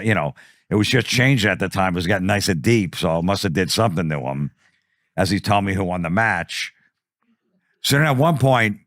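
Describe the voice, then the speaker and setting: A man's voice: on the low side, a bit bright, no echo, studio quality. A man telling a profane comic story, acting out the quotes. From New Jersey. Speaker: comedian guest.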